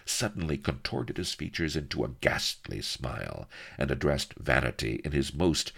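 Gravelly, theatrical male storyteller. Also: rumbling low, big pitch swings, normal speed, a bit bright. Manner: wry, theatrical. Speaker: narrator. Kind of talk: expressive storybook narration.

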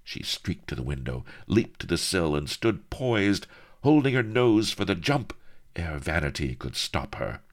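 Low gravelly guy reading a comic adventure, slow and mock-grand. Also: sing-song. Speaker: audiobook narrator. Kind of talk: comic storybook narration.

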